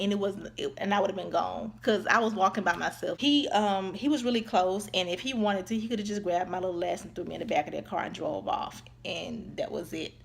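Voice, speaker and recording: A woman telling a casual storytime vlog. She tells it in an animated way, acts out the voices of other people and keeps calling her viewers y'all. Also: mid-range voice, vocal fry. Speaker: vlogger.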